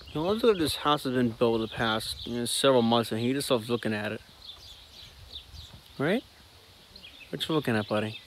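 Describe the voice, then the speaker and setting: Guy filming his farm walk, chats easy, goes all high and singsong with his dog, faint outdoor hiss. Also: expressive, moderate pace, long pauses. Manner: talks warmly to his dog in a high sing-song. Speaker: vlogger. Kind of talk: casual vlog narration. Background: faint outdoor ambience.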